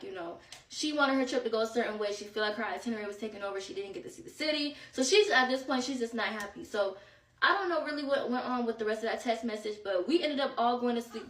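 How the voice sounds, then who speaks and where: Animated young woman, echoey and distant. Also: a little high. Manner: animated, exasperated retelling. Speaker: storyteller. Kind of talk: casual storytime vlog. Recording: echoey room, far from the mic.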